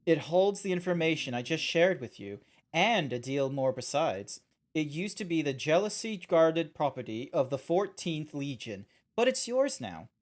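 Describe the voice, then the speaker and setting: An Australian man voicing a solemn, archaic-speaking clone, reading game dialogue slowly and formally on stream. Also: on the high side, sing-song. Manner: slow, measured, formal old-fashioned phrasing.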